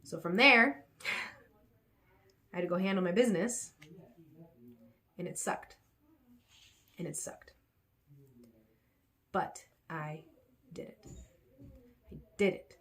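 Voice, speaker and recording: A woman's voice: mid-range voice, normal speed, pauses often. Vlogger, woman, worn out after a workout, venting then steadying herself. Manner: venting, animated when recounting, quiet when reflecting. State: tired and sore after a workout. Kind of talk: rambling personal vlog.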